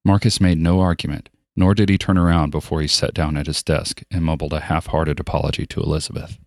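Deep-voiced male audiobook narrator. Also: flat delivery, fast, a little mellow, no echo, clean studio sound. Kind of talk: scripted narration.

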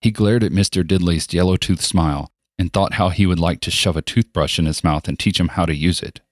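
A man narrating an audiobook in an even, steady storytelling voice. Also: sits low, brisk, no room sound, clean studio sound. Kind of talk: scripted narration.

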